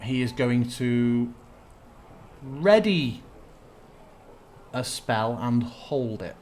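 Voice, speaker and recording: A man's voice: mid-range voice, animated, very slow, a little mellow. A man narrating a tabletop game as game master, thinking aloud as he checks rules.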